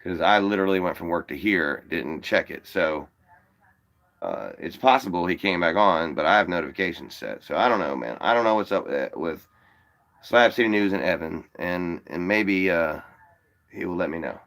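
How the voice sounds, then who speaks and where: A man's voice: low voice, normal speed, vocal fry, a bit bright. A man hosting a live call-in show, chatting casually and rambling to his viewers with plenty of swearing. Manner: rambling and profane; talks to viewers directly. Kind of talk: casual livestream chat.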